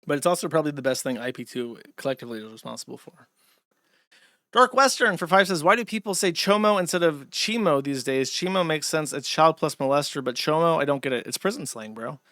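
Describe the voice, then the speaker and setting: A man's voice: a little high, animated, fairly quick, pushed and bright, no echo, studio quality. A man hosting a livestream, reading out viewer donations and going off on profane, rambling rants. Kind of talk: casual livestream chat.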